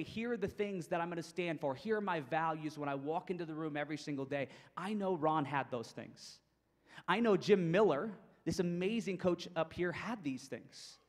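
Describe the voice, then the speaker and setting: A man giving an energetic, emphatic keynote talk to coaches, often repeating points for stress. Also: high voice. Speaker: motivational speaker for coaches. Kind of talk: keynote presentation. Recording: long hall reverb.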